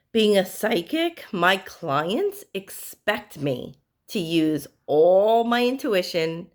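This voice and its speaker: A woman psychic medium talks earnestly to her viewers, offering spiritual advice through stories. Her voice sits a little low for a woman. She speaks directly and plainly to the listener. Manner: earnest, storytelling, direct address.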